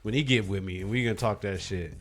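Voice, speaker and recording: A man's voice: on the low side, fast. Blunt, profane podcast host man. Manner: blunt, profane, animated opinions. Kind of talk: casual chat.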